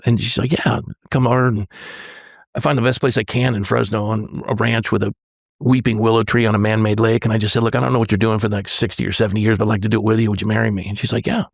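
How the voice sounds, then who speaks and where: A man in his sixties, a pastor, telling a personal story on a podcast in an earnest, halting way, often restarting and quoting dialogue. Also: fairly low pitch, level tone, creaky, no echo, studio quality.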